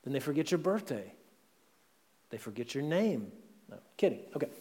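A male pastor delivers a sermon in a sing-song, slightly mellow medium-pitched voice at normal speed, talking conversationally and often adding "right?". He is in a church sanctuary, and the recording carries long hall reverb.

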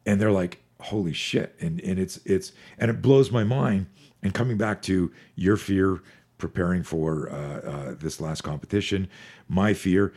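A man in his forties, a fear management expert on a podcast, talking in an energetic, profane, storytelling way. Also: low-pitched, measured pace, breathy edge. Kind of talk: podcast conversation.

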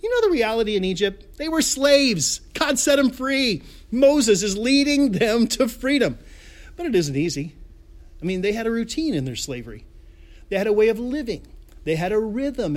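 A male pastor delivering an online sermon in a high, lively voice that leaps up and down in pitch. He tells the story playfully, tosses in pop-culture jokes and chuckles between lines. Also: normal speed.

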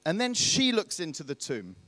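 Guy preaching, high voice, chatty storytelling with lots of questions, dry close sound. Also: huge pitch swings, moderate pace, a bit bright, no echo, in a large hall. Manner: conversational, asks rhetorical questions. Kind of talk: storytelling sermon.

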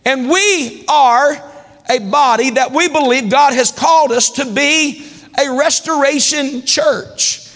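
A man preaching a sermon as pastor, calling for amens and building to shouts. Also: very high voice, slow pace. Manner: preaching with call-and-response, rising to shouts. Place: large church hall. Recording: long church hall reverb.

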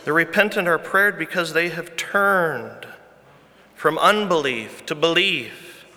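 A man's voice: a little high, takes it slowly, bright, forceful tone. A man preaching a sermon as pastor, earnest and emphatic, repeating his key phrases. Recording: long reverb from a large hall.

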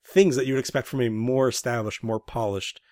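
A man chatting casually about a video game, adding quick follow-up remarks. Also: mid-range voice, steady tone, a little mellow, no echo, clean studio sound.

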